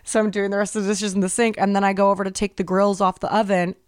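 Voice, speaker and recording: A woman's voice: medium pitch, flat delivery, fast, clear, resonant tone, dry recording, studio quality. A woman in her thirties hosting a podcast, telling a story in a casual, exasperated and profane way. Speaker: podcast host.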